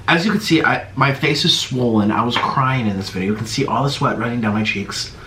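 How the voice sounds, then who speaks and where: A man hosting a mukbang eating vlog, talking to camera in a halting, strained way, his mouth numb and stinging from the spice. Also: mid-range voice, pushed and bright, reverberant, a little hiss or hum. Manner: strained, halting talk while suffering from spicy food. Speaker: mukbang host.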